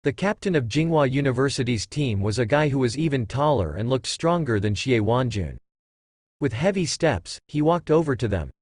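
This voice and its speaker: Male narrator for a light novel audiobook: synthetic, even and steady, mid pitch, dry. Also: normal speed, no room sound.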